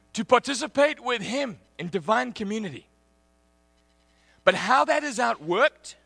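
Male preacher, middle-aged, high and gravelly, animated storyteller, dry close sound. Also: dry recording. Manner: animated, shouting and laughing through anecdotes. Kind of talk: sermon with storytelling.

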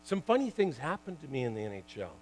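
A man in his sixties, a former pro hockey player, telling lively stories to an audience, full of "you know" and "like" and laughing at his own tales. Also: mid-range voice, quick pace, slight background noise, low-quality recording. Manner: chatty, lots of "you know" and "like". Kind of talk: storytelling talk to an audience.

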